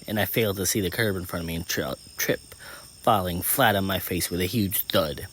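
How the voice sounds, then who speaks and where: A man with a very low voice reads a first-person story aloud. He keeps a steady pace with small slips and restarts. Faint crickets are heard behind him. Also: moderate pace, a little hiss or hum. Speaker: narrator.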